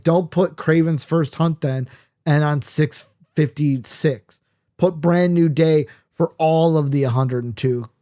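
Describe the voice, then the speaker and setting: A man's voice: on the high side, dark tone. A man in a casual, rambling comic book discussion, talking with many fillers and asides.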